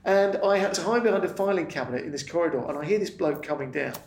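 A middle-aged British man tells a lively, profane anecdote, laughing his way through it. His voice is gravelly and set a touch above the usual male range. He sits back from the mic in a roomy space, with a faint hiss underneath. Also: a little high, fast. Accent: British English. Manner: animated, laughs while telling, swears freely. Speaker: comedian guest. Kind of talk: casual anecdote telling. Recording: roomy and distant with faint noise.

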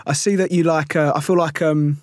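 A man hosting a casual interview, asking questions in a relaxed, hesitant way with many fillers. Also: a little high, brisk, no echo, studio quality. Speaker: podcast host.

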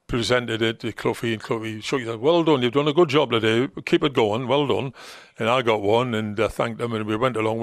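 An older man with a gravelly, fry-laden voice reminisces in a rambling, anecdotal way. He acts out the lines of people from his stories as he goes. The sound is dry and close. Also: fairly low pitch, dry recording. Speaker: former football manager, guest. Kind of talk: anecdotal storytelling in conversation.

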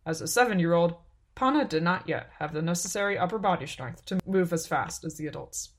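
A woman narrating a story in a calm, unhurried, even way. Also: on the low side. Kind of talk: scripted narration.

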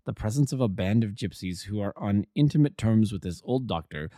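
A man reading aloud, voicing a cool, analytical detective who reasons aloud in a measured way. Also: fairly low pitch, expressive, dark tone, no echo, clean studio sound, lightly acted. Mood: reasoning.

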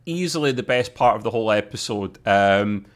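A man's voice: fairly low pitch, expressive, moderate pace. A man co-hosting a podcast, chatting casually about a TV episode in a laid-back way with short asides. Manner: laid-back, chuckling, short agreeing interjections. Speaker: podcast co-host. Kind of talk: casual TV review chat.

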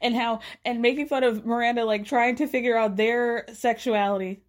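Animated, profane woman hosting a recap. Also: on the high side, normal speed. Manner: profane, animated, laughing often. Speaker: podcast host. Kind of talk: casual TV recap chat.

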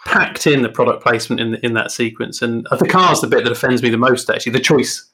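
Husky brit guy griping a bit on a podcast, kinda rambly. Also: mid-range voice, fast, sharp tone. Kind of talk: casual chat.

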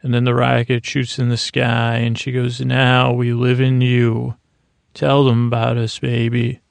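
Flat, gravelly-voiced man recapping drowsily. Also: medium pitch, unhurried, no echo. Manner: rambling, hesitant, full of uhs and restarts. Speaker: podcast host. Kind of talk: meandering episode recap for sleep.

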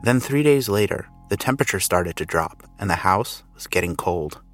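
A man's voice: on the low side, lively intonation, normal speed, fairly bright tone, faint music behind. A man giving scripted, matter-of-fact narration of a story.

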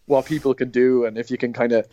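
A man's voice: medium pitch, steady tone, quick pace, dark tone, no room sound. A young man, a YouTuber guest, chatting in a rambling way full of fillers. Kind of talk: casual interview chat.

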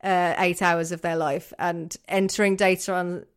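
A woman in her thirties co-hosting an improvised comedy chat, animated and laughing often. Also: fairly low pitch, normal speed, clean tone. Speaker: co-host.

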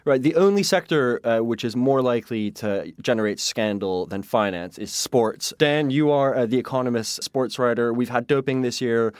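A man's voice: mid-range voice, normal speed, few pauses, darkish tone, no echo, clean studio sound. A man hosting a discussion in a chatty, wry way. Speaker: host. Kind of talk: casual discussion.

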